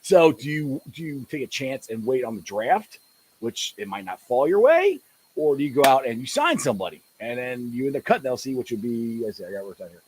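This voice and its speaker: Loud, excitable man hosting a sports podcast. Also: medium pitch, brisk, a little hiss or hum, poor audio. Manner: loud and excitable, laughs often. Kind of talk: live sports podcast chat. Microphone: desktop mic set too close.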